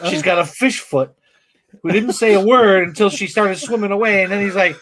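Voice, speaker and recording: Guy with a high voice on a live comics stream, retelling a plot and doing the lines himself, pretty animated. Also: brisk. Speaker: comic book show co-host. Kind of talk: casual live-stream chat.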